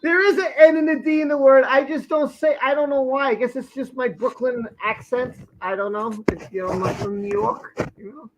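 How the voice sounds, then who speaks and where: Eating on a live stream from his home, a man rambles chattily about his food, speaking with food in his mouth. His voice is extremely high-pitched and steady, fairly quick with few pauses, over a noisy background.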